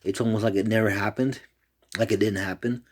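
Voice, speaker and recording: A man's voice: on the low side, fairly even intonation, brisk. A man rambling in a loose, profane monologue, jumping from one complaint to the next.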